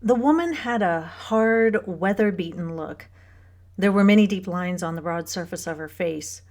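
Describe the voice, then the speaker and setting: Low-voiced woman reading a novel. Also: moderate pace, darkish tone. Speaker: audiobook narrator. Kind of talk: scripted audiobook narration.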